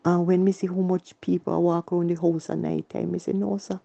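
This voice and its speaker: A woman's voice: fairly low pitch, little pitch movement, brisk, creaky, warm tone, highs cut off. A woman with a Jamaican accent telling her personal story in earnest, repetitive Patois. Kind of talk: emotional personal testimony.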